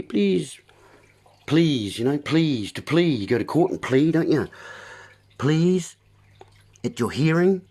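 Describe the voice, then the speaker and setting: A man's voice: a little high, darkish tone. A man hosting a livestream, giving a rambling, preachy wordplay monologue with asides to his viewers. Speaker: livestream host.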